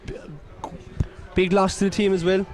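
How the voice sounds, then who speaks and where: Speaking at a normal pace in a high-pitched voice, an Irish commentator calls a local football match with biased excitement, shouting out and telling off the players.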